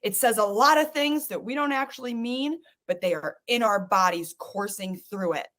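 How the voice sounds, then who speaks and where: High-voiced woman urging listeners on. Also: moderate pace, a bit bright. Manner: urgent, coaxing, repetitive commands. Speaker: podcast host guiding listeners. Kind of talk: guided emotional exercise.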